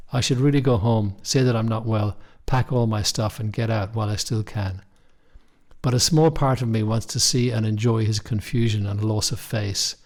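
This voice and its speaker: A young man narrating a first-person story in a measured, wry way. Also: lowish voice, a little mellow. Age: young adult. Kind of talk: scripted audiobook narration.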